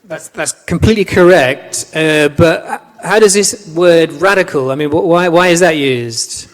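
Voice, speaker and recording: Guy lecturing a class, kinda high voice, chatty, keeps asking the room stuff, hall echo. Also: measured pace. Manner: chatty, repeats words, asks the class questions. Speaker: language lecturer. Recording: long reverb of a lecture hall.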